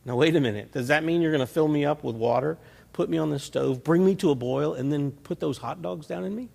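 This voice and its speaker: A man's voice: a little high, a little fast, creaky, mellow. A man voicing a reluctant talking cooking pot that questions why it is being used, in a sermon analogy. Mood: wary. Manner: questioning, balking. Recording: reverberant church hall.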